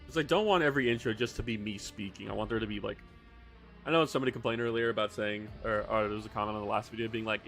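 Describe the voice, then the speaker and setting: A man talking loosely on a livestream, wandering from thought to thought and cursing casually. His voice sits a little low. Faint music plays in the background. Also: rapid-fire, vocal fry, a bit bright. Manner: rambling, swears casually, reads chat aloud. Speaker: streamer. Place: home hobby room.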